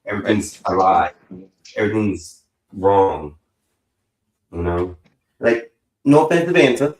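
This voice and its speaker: Stream host, male, lowish voice, swears freely and rambles through stories, roomy echo on the mic. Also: unhurried. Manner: profane, rambling, animated storytelling. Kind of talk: casual call-in chat.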